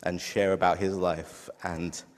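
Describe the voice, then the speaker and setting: A man's voice: low voice, level tone, a little slow. A middle-aged man giving a heartfelt sermon as a preacher. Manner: heartfelt, tearful at times. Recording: long hall reverb.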